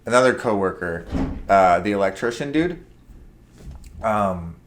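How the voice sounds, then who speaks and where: A man's voice: lowish voice, expressive, unhurried, slight background noise. A young man co-hosting a casual talk show, telling a long work story in a rambling way with many fillers and acted-out quotes. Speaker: podcast co-host.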